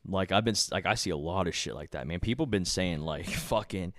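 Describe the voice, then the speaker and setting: Laid-back low-voiced man in his thirties. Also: brisk, no room sound, studio quality. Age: 30s. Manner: laid-back, profane, lots of "dude" and "like". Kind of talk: casual late-night chat.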